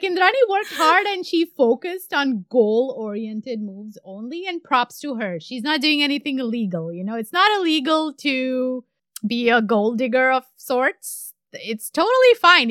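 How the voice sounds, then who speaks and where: A woman's voice: on the high side, smooth, no echo, studio quality. Indian woman telling a true crime story. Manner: animated, conversational, trailing off at phrase ends. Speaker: podcast host.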